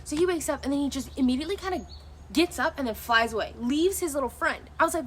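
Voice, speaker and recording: A woman's voice: high-pitched, fast, slight background noise. Chatty young woman streaming outdoors. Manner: rambling and animated, with many restarts; loose, swearing freely. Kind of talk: casual chat.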